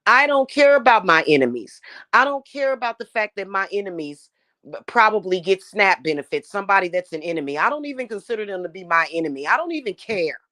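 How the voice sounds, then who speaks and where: A woman's voice: medium pitch, sing-song, fast talker, sharp tone, dry recording. A woman, talking casually to her viewers, emphatic and emotional, often repeating words as she builds up steam. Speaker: spiritual channel host.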